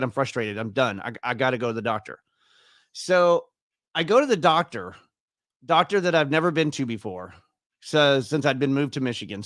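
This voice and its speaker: A man's voice: medium pitch, a bit bright, dry recording, studio quality. Chatty man in his fifties. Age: 50s. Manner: chatty, acts out quoted dialogue. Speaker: interview guest. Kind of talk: casual personal storytelling.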